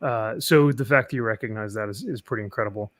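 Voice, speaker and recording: A man's voice: lowish voice, quick pace. A man speaking as a panel guest in a casual discussion, earnest and sometimes searching for words.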